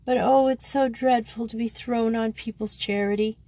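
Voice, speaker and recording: A woman's voice: fairly high pitch, fairly even intonation, normal speed, dark tone, no room sound, lightly acted. A woman voicing a frightened, tearful schoolgirl pleading between sobs. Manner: sobbing, pleading.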